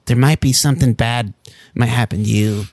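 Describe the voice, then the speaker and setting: A man's voice: medium pitch, moderate pace, a little mellow, no room sound, clean studio sound, lightly acted. A man voicing a nervous, evasive young boy who stammers and hesitates, in an improvised comedy sketch. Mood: hesitant.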